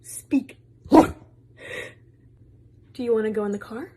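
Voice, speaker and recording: A woman's voice: fairly high pitch, slow, mellow, breathy edge. A woman giving her dog a series of commands.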